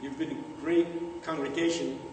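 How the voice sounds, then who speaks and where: A man's voice: fairly high pitch, fairly even intonation, unhurried, darkish tone, a little hiss or hum. A man preaching a humorous sermon in a large church, building up phrases with rhythmic repetition. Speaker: guest preacher. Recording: echoey church hall, distant mic.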